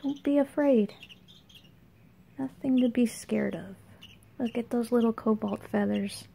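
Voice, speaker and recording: A woman's voice: on the high side, unhurried, gravelly, mellow, breathy edge. A woman filming her pet budgies at home, chatting casually and coaxing the birds in a soothing voice. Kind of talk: casual home vlog narration.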